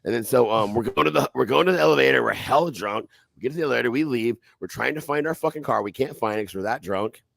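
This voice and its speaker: A man on a podcast telling a wild fight story in a profane, animated way, acting out other people's voices loudly. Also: mid-range voice, fast, gravelly, few pauses, no room sound. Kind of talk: casual storytelling.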